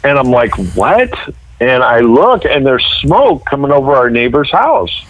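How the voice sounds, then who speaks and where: A man's voice: medium pitch, expressive, moderate pace, phone-quality sound, slight background noise. A young adult man from Northern California, a guest writer telling stories animatedly on a podcast, acting out the voices of people he quotes. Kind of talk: casual podcast chat.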